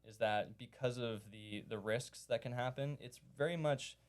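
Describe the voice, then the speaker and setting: A man's voice: medium pitch, normal speed, clear, resonant tone. A man talking as a guest on a casual podcast, explaining his venue management work step by step with enthusiasm.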